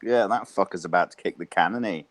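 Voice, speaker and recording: A man's voice: deep voice, quick pace, no room sound. A man from England, a guest telling stories in casual chat, swearing freely and laughing as he talks. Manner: profane, animated, laughs through stories.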